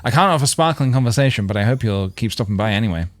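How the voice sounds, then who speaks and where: A man voicing a shy, hardworking female hedgehog seamstress in a video game, speaking softly and apologetically. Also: mid-range voice, animated, very fast, close to an everyday voice. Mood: wistful.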